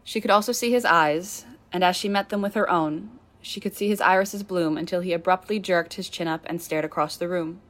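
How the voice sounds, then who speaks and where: A woman reading a novel aloud in steady storytelling narration. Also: on the low side, brisk, hardly any pauses. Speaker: audiobook reader. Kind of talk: scripted narration of a fan novel.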